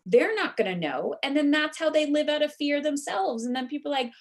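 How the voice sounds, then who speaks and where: A woman guest author telling a personal story in an interview, earnest and animated, with lots of "like" fillers. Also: high-pitched, a little fast.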